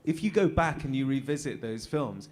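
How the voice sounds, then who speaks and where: A man's voice: mid-range voice, animated, normal speed, a little mellow. An English man talking as a guest on a convention panel, telling casual anecdotes, chatty, laughing often and trailing into fillers. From England.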